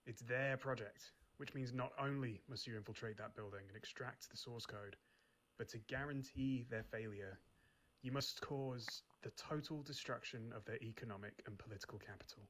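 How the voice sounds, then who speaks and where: An actor playing a male spy chief briefing an agent in a game, in a brisk, clipped, matter-of-fact way. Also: mid-range voice, a bit bright, lightly acted. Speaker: game character. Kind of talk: scripted game dialogue.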